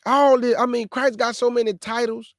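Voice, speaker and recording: High-voiced man preaching on a livestream. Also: normal speed, no room sound, studio quality. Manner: lively, exasperated, addresses viewers directly. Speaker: host of a live show.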